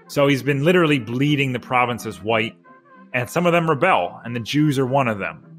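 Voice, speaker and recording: A man co-hosting a casual history podcast, relaxed and mid-pitched. He rambles through the story with jokes and asides. A little music sits faintly behind him. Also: brisk. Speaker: podcast co-host.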